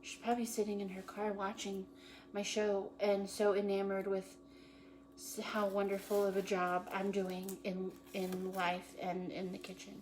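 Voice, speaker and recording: A woman's voice: medium pitch, monotone, moderate pace, a little mellow, low-quality recording. Playful woman hosting a cooking show. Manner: playful, jokey, self-praising with puns. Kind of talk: casual live cooking chat. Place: home kitchen. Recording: kitchen noise with chopping and clicks.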